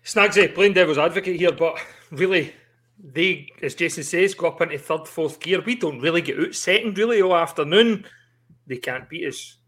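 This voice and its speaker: A man's voice: fairly high pitch, moderate pace, fairly bright tone. A man co-hosting a casual podcast chat over a call, bantering, swearing and laughing.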